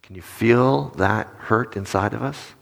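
A male pastor giving a casual, talky sermon, his low voice carried by the long reverb of a large hall. He keeps checking in with his listeners through questions. He livens up when he acts out small scenes. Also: measured pace, creaky. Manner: conversational, animated when acting out stories, asks the audience questions.

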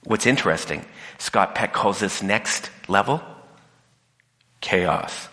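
A man giving an animated talk, his voice bright and forceful. He acts out the people he quotes with jumps in pitch. The sound has a long hall reverb. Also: slow, pauses often. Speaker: speaker. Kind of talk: talk to an audience.

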